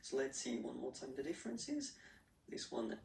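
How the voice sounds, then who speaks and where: A man's voice: mid-range voice, very animated, normal speed, vocal fry, darkish tone, slight background noise. Patient man teaching, echoey room. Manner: patient, checks in with "okay?" after nearly every phrase. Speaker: French teacher. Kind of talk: beginner language lesson. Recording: roomy echo, mic at a distance.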